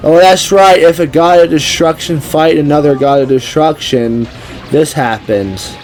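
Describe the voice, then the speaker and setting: A man hosting an anime reaction video, blurting curses and exclamations and thinking out loud. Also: fairly high pitch, measured pace, soft background music, rough recording. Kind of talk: casual reaction commentary. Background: anime clip audio playing.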